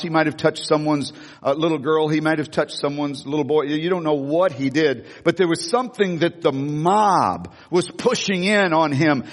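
Animated preacher man in a reverberant hall. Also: a little high. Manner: animated, acts out voices, frequent restarts. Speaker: pastor. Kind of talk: sermon with storytelling.

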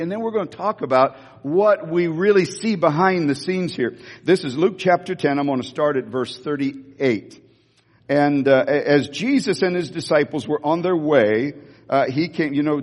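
High-voiced preacher in a reverberant hall. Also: male voice. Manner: animated storytelling with many restarts. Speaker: pastor. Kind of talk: sermon.

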